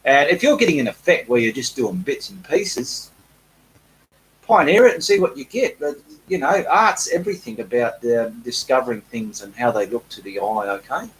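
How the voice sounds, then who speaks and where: A man's voice: medium pitch, expressive, normal speed, rough recording. A middle-aged Australian man with an Australian accent, an artist chatting casually on a live stream and reading out viewer comments in a self-deprecating way.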